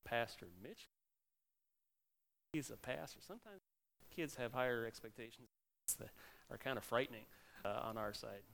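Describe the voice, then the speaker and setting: A middle-aged man, a pastor, giving a sermon in an animated preaching manner with sudden loud exclamations. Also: mid-range voice, normal speed, gravelly, long pauses.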